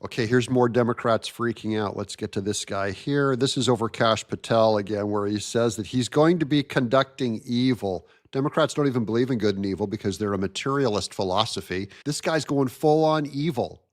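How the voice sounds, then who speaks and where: A man's voice: mid-range voice, a little fast, hardly any pauses. A man hosting a commentary show, reacting to video clips with sarcastic, mocking remarks. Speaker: show host.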